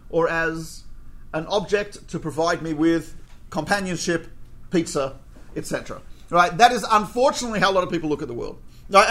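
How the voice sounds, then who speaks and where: Man, high voice, bright tone, religious teacher, Torah lesson, anecdotal, rhetorical questions. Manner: anecdotal, peppered with rhetorical "right?".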